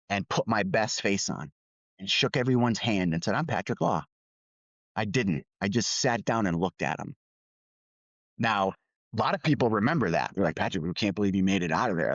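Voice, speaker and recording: A man's voice: on the low side, no echo. Lo-fi, dry-sounding man telling a story. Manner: animated, candid storytelling with quoted dialogue. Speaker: podcast co-host. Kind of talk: storytelling on a podcast.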